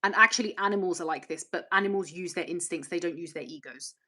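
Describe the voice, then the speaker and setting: A woman's voice: lowish voice, fast, pushed and bright. A woman hosting a casual livestream, reading viewer comments and chatting candidly, rambling and swearing freely. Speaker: channel host.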